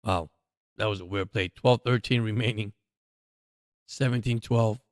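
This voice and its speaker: A man hosting a livestream, chatting casually and getting excited as he reacts to a football game. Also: lowish voice, unhurried, no room sound, clean studio sound. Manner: chatty, excitable during plays. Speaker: livestream host. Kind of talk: casual live game commentary.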